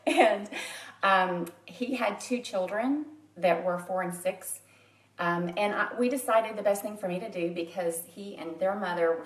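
A woman's voice: medium pitch, reverberant, far from the mic. A woman in her forties from Louisiana, chatting openly and personally in a live video to a private group, often laughing at herself. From Louisiana, USA. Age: 40s. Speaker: makeup artist and direct sales consultant.

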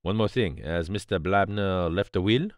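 A man's voice: sits low, moderate pace, dry recording, studio quality, lightly acted. A man doing a fussy, knowing little detective.

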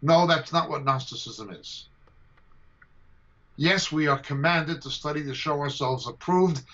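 Guy teaching bible stuff over a video call, high sharp voice, really forceful, keeps repeating himself, muffled audio. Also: unhurried. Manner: forceful, combative, repeats key points. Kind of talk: emphatic teaching answer to a question.

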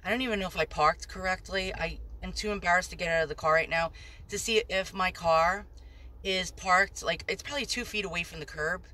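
A woman vlogging on her phone from inside a parked car, rambling anxiously, swearing a lot and talking loudly when nervous. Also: fairly low pitch, brisk. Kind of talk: nervous selfie vlog.

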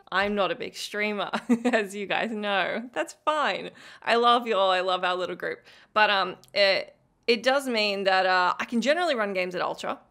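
A young woman chatting live with her viewers while gaming, bubbly and effusive, quick to laugh and to gush thanks. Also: mid-range voice, sharp tone. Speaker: game streamer.

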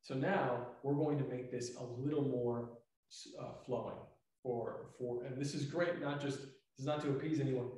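A man coaching tai chi talks through each move as he demonstrates it, calm and explanatory, with plenty of "um" and "like". His voice sits at a middle pitch. He sounds distant from the mic, in a strongly echoing room. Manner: talks while moving through the exercise, relaxed and explanatory, with many fillers. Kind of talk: instructional demonstration. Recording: echoey room, mic far off.

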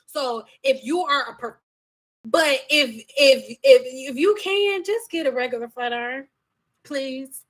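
A woman's voice: sits high, a little slow. A woman who used to do hair professionally, chatting casually on a live stream and answering viewers' hair questions in a sassy, direct way.

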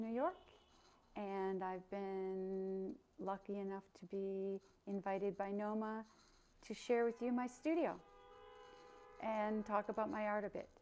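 A middle-aged woman painter giving a relaxed, casual tour of her studio, explaining how she works. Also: mid-range voice.

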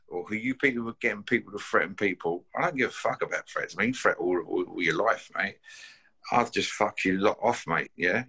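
A man's voice: medium pitch, pushed and bright, husky. A man issuing a combative challenge to camera, blunt and full of swearing, who keeps tagging his sentences with "yeah?" and "mate". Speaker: bare-knuckle fighter issuing a challenge. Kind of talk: confrontational call-out to camera.

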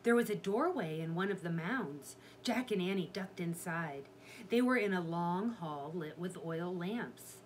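A woman reading a children's chapter book aloud in a steady storytelling manner. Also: lowish voice, unhurried, slight background noise. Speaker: reader.

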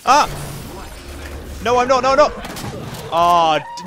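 A young man giving playful, goofy gameplay commentary, swinging between loud outbursts and muttering asides. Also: a little high, wildly swooping pitch, moderate pace, long pauses. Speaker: gaming commentator.

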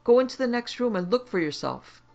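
A man voicing an indignant doctor who runs seances, protesting in a high-strung way. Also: normal speed, fairly bright tone, dull audio, soft background music.

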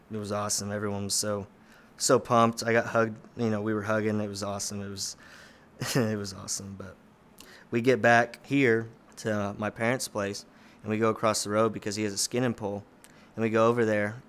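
A young man, telling a hunting story in a casual, rambling way full of "you know" and "like.". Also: lowish voice. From Oklahoma. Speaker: hunter guest.

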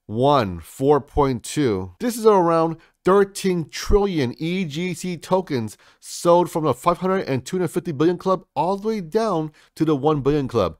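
Hyped man pitching crypto, dry mic. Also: a little mellow, no room sound. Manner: salesy, keeps calling viewers folks. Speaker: crypto channel host. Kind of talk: hyped market commentary.

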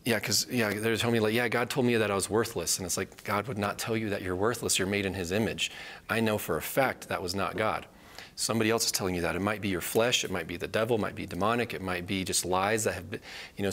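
A man giving conversational Bible teaching, earnest, checking in with "right?" and acting out quoted voices. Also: a bit bright. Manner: earnest, repeats points with "right?" tag questions; acts out quoted voices in a higher pitch.

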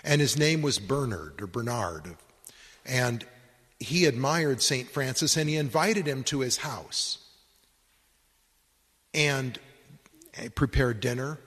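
A priest preaches at an unhurried, measured pace, his voice carrying a slight huskiness. His words ring out with a long reverb, the sound of a conference hall. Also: medium pitch, a bit bright. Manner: slow, reflective preaching. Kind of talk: sermon.

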